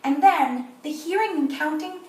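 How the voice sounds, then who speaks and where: A woman teaching kindergarten, who talks slowly and clearly to young children and sounds out and repeats words. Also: high-pitched, a little mellow. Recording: roomy echo, voice from a distance, faint noise.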